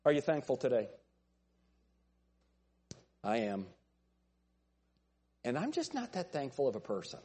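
A man's voice: mid-range voice, wildly swooping pitch, a little slow, pauses often, dark tone, slightly rough. A middle-aged man preaching a folksy sermon as a pastor, joking with his congregation in a church. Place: church sanctuary.

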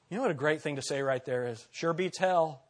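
Man preaching with dramatic loud-soft swings. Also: medium pitch. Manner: repeats key phrases and asks the congregation questions. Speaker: pastor. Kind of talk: sermon.

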